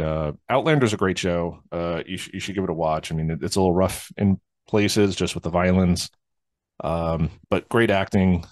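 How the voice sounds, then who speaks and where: A man's voice: deep voice, a little mellow, dry recording, clean studio sound. A man hosting a podcast, talking casually and rambling with lots of fillers. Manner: rambling, many fillers and restarts. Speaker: podcast host.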